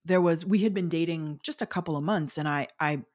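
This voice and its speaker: A woman in her forties, with a deep, slightly mellow voice, talks fairly quickly as a guest in a casual interview. She tells personal stories in a chatty way, full of fillers and frequent laughter.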